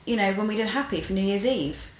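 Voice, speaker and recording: A woman's voice: mid-range voice, lively intonation, fast. Easygoing woman chatting in an echoey room. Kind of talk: casual chat.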